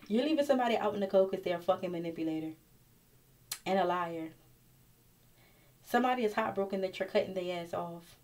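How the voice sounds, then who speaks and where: A woman's voice: mid-range voice, a little fast, long pauses, darkish tone. A woman reading tarot cards straight to the viewer in a casual, blunt and profane way. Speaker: tarot reader.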